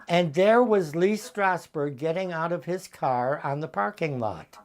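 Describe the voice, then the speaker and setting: Elderly male raconteur in his eighties, lively and chuckling, on a video call from home. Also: on the high side, unhurried, hardly any pauses, a little hiss or hum. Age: 80s. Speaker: interview guest, veteran actor. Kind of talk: anecdotal storytelling.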